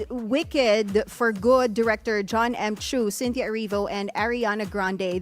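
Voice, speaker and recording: A woman with a Filipino accent co-hosting a morning news show. She chats lightly, laughs often and mixes English with Tagalog. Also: on the high side. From Philippines. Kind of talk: casual news banter.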